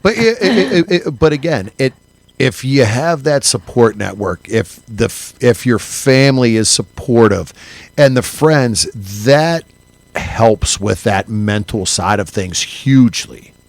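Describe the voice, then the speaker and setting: A man co-hosting a podcast in casual chat, animated and halting, with frequent restarts and laughs. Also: mid-range voice, gravelly, no room sound. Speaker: podcast co-host.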